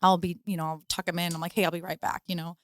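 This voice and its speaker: A woman's voice: fairly low pitch, flat delivery, fast, dry recording, studio quality. A woman co-hosting a casual podcast chat about parenting, rambling with many fillers. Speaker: podcast co-host.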